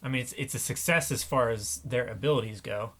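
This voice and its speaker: A young man hosting a reaction show, joking with quick asides in casual chat. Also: mid-range voice, a bit bright.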